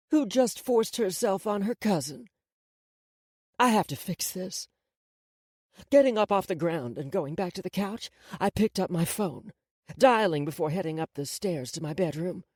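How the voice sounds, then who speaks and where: A woman's voice: lowish voice, darkish tone, dry recording, studio quality. A woman reading a first-person audiobook in an emotional, confessional way. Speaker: audiobook narrator. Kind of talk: scripted first-person narration.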